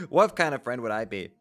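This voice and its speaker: A man's voice: mid-range voice, sing-song, a little slow, creaky, faint music behind. A man streaming himself as he reads a webcomic aloud, tripping over strange words, swearing casually and breaking off to laugh and comment.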